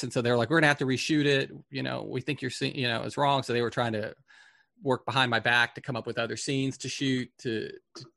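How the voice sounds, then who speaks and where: Gravelly-voiced male film director. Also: medium pitch, fairly bright tone, no room sound, clean studio sound. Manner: candid, swears casually, acts out quoted people. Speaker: film director as podcast guest. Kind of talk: casual storytelling interview.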